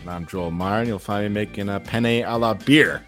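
Low-voiced joking male co-host. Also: brisk, fairly bright tone, soft background music. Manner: joking, rambling banter. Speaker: podcast co-host. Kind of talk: casual sports betting chat.

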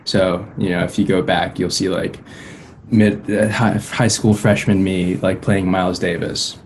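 A young man, a guitarist, talking as a guest in a casual interview, easygoing and quick to laugh. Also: low voice, little pitch movement, a little hiss or hum. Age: young adult. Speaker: musician guest.

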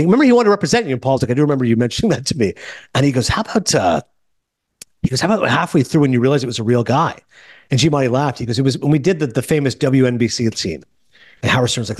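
A young man hosting a podcast, telling stories in a casual, animated way and retelling conversations. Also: on the high side, no echo, studio quality. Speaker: podcast host. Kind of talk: casual chat.

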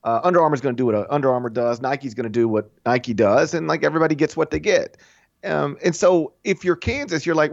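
A man co-hosting a sports podcast in casual chat, opinionated and animated, acting out the voices he quotes. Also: a little high, fast talker, gravelly, no room sound, highs cut off. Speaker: college basketball podcast co-host.

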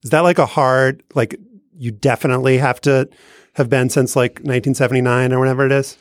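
A playful man telling a story on a podcast, building up the scene with a theatrical flair. His voice is at a middle pitch and recorded close and dry. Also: fairly even intonation, fairly quick, dry recording. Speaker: podcast co-host.

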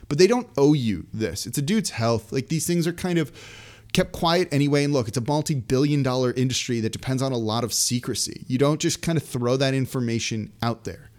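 A man hosting a sports podcast, talking through team news in casual, animated solo commentary with frequent asides. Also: medium pitch.

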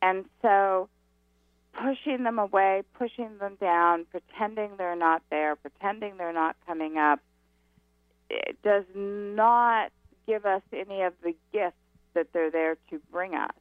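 A woman guest on a talk radio show calls in and explains spiritual ideas at an unhurried pace. She stresses her key words and lets her phrases land one by one. Her voice comes through a narrow, tinny phone line with a dry, close sound. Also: medium pitch, dry recording. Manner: slow, emphatic teaching. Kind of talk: radio interview.

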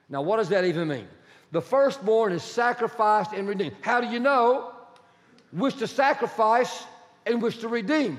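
A male pastor delivers a sermon in a notably high voice, firing questions at the congregation and stressing key words. His voice rings out in a long hall reverb. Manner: quizzes the congregation, animated and emphatic.

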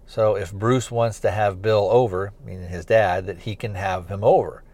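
A man's voice: lowish voice, steady tone, normal speed, darkish tone. A man hosting a podcast, recapping a TV episode in a loose, rambling way with lots of fillers like "kinda" and "you know". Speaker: podcast host reviewing a TV series.

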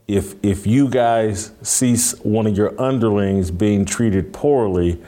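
A man hosts a casual interview and sets up his questions at length. His voice sits very low. It has a dark, mellow tone. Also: slow. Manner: long rambling setup questions. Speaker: podcast host.

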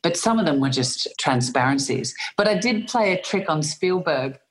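A middle-aged Australian actress with a deep voice tells anecdotes in an interview at a moderate pace. Her intonation is lively, and she laughs often and uses hesitant fillers.

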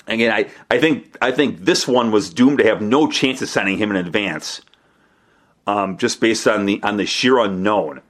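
Low-ish guy talking football, rambly, keeps restarting his sentences, casual podcast vibe. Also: fairly bright tone. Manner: rambling, self-correcting, conversational. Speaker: sports reporter and podcast host. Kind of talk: casual sports talk monologue.

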